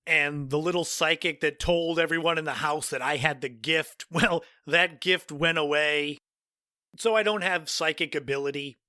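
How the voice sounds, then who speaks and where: Guy in his 40s from cape cod, bright slightly high voice, chatty storytelling, dry close sound. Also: moderate pace, no room sound. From Cape Cod, Massachusetts, USA. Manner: conversational, with offhand asides. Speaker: podcast host. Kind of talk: personal storytelling monologue.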